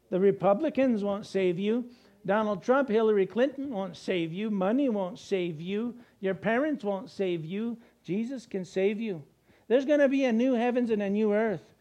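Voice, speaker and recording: A male pastor delivering a sermon, animated and conversational, with asides to the congregation. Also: sits high, normal speed.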